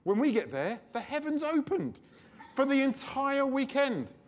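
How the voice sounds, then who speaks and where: A man preaching a sermon, telling a personal story in a chatty, animated way. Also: very high-pitched, measured pace.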